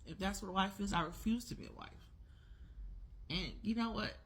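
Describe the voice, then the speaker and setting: A woman's voice: mid-range voice, normal speed, husky. A woman in her forties speaking in a casual opinion vlog, talking emphatically and repeating her key words. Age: 40s. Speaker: vlogger.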